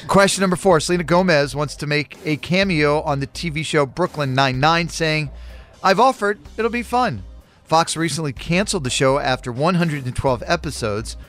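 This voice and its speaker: A man's voice: on the high side, a little fast, hardly any pauses, a bit bright. Man, radio quiz host, upbeat punchy delivery, studio, faint music behind. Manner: upbeat, punchy read of trivia questions.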